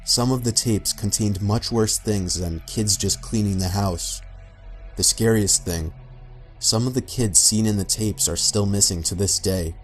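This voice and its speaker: Low-voiced man narrating a horror story. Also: a little slow. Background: faint background music.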